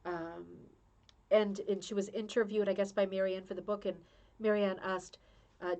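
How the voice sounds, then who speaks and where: A woman's voice: mid-range voice, level tone, normal speed, darkish tone. A woman hosting a casual craft-club video, talking through a book in a chatty, heartfelt way with many restarts. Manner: chatty, emotional, restarts often. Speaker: rug hooking club host.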